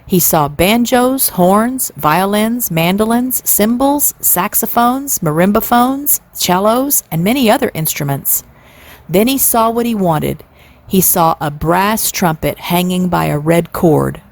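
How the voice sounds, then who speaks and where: A woman in her sixties reading a classic children's novel aloud, expressive and playing up the sound words. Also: medium pitch, unhurried. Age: 60s. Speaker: storyteller.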